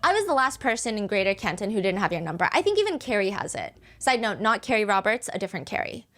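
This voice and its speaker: A woman talks through a court case in a relaxed, chatty storytelling manner. Her voice sits at an ordinary middle pitch, easygoing and conversational, with quoted messages woven into the telling. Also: fast. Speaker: host explaining a court case. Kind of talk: casual storytelling commentary.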